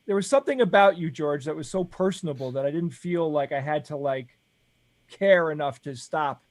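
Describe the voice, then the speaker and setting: A man's voice: on the high side, moderate pace. A man co-hosting a casual livestream chat, speaking earnestly and openly about his feelings. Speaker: co-host.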